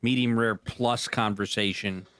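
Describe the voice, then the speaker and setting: A man's voice: lowish voice, fairly even intonation, unhurried, a bit bright, dry recording. A man co-hosting a podcast, chatting casually and announcing upcoming shows. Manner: easygoing, hesitant with fillers. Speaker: podcast co-host. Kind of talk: casual banter.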